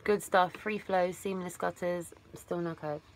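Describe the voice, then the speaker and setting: Her lowish voice holds a steady tone and moves a little slowly, fatigued from a long day of talking. An Englishwoman, she hosts a casual livestream via a phone placed far from her, rambling fondly and calling viewers darling. A little hiss or hum sits under the recording.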